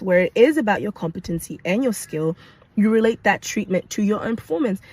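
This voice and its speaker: Animated young woman telling her story. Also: fairly low pitch, a little hiss or hum, low-quality recording. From Kenya. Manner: animated and emphatic, with vocal sound effects and repetition. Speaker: nurse sharing her story. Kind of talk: personal storytelling to camera.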